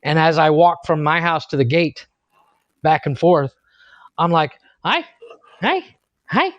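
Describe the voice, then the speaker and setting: A man in his thirties co-hosts a casual podcast, his voice sitting a little high. He swears freely and laughs at his own stories. The sound is dry and muffled, like a lo-fi recording. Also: flat delivery, a little slow, no echo. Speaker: podcast co-host. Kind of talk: casual chat.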